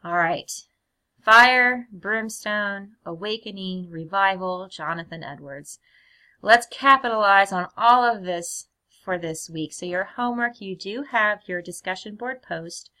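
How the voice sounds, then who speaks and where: A woman teacher giving a recorded lecture in a clear, measured way, often putting questions to her students. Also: mid-range voice, bright, forceful tone.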